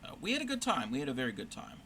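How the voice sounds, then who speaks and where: A man's voice: medium pitch, huge pitch swings, very fast, bright, forceful tone, slight background noise. A man hosting a crafting livestream, telling a rambling story in casual chat with fillers and self-corrections while he stitches.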